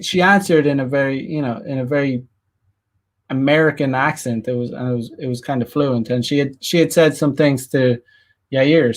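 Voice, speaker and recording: A man of average pitch talks in a loose, meandering way, stopping and restarting his sentences. He keeps reaching for fillers like "you know" and "um" between thoughts. It sounds like an unscripted vlog monologue. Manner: halting, full of fillers and restarts. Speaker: dating coach vlogger. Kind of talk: rambling casual monologue. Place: Japan.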